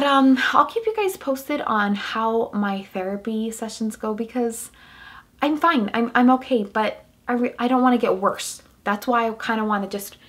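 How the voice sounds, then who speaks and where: A young woman talking openly in a casual personal vlog, rambling and restarting often. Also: fairly high pitch. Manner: candid, rambling, with many restarts and "like". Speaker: vlogger.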